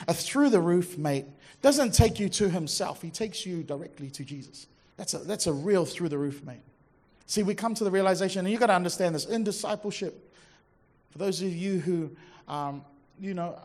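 A man preaching a sermon to a congregation in a conversational, emphatic way, dropping to a quiet, intense voice for quoted words. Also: high voice. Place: church service before a congregation.

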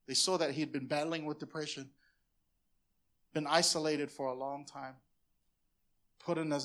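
A man's voice: on the high side, a bit bright. A man preaching a passionate sermon as pastor on a church stage, often repeating words as he builds in intensity.

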